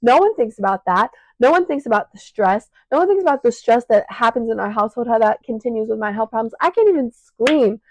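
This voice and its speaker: A woman's voice: on the high side, animated, a little fast, few pauses, a little mellow, a little hiss or hum, rough recording. A teenage girl with a Chicago accent venting through a raw, emotional monologue, short of breath and choked up, swearing, recorded on a clip-on mic on her shirt. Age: teens. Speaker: podcast host. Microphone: clip-on mic attached to shirt.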